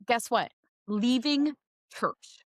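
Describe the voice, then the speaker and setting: A woman's voice: on the high side, drawn-out words, dry recording, clean studio sound. Chatty woman in her forties. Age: 40s. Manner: animated, acts out voices in her retelling. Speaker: podcast guest, realtor. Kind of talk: casual storytelling chat.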